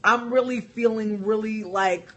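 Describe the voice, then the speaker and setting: A man's voice: sits high, fairly even intonation, measured pace, fairly bright tone, muffled recording. A man giving a heated, profane opinion rant to camera as a vlogger, repeating himself as he vents.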